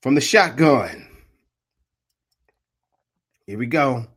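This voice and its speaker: A man doing casual live play-by-play of a football game, trash-talking and laughing, swinging from muttered asides to loud outbursts. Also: medium pitch, expressive, extremely slow, slightly rough. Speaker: live sports commentator and streamer.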